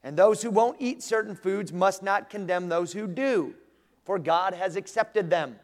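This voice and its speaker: High-voiced man preaching in a reverberant hall. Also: unhurried. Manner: animated preaching, acting out quoted voices. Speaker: pastor. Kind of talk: sermon. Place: church sanctuary. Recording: long reverb of a large room.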